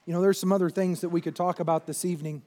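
A male pastor delivers a sermon in a notably high voice. He preaches emphatically, throwing questions at the congregation and swinging between loud shouting and quieter, intense stretches. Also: fairly even intonation, fast talker.

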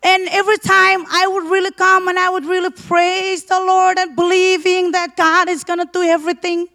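A woman preaching a fervent sermon testimony, leaning on repeated emphasis and sometimes breaking into shouted praise. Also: very high-pitched, level tone, normal speed, gravelly. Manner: leans on repeated emphasis words.

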